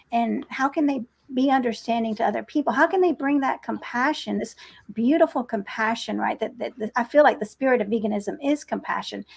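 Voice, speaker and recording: Woman host, gravelly, somewhat high, earnest searching questions. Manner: earnest, searching, repeats herself while forming questions. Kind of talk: interview questions.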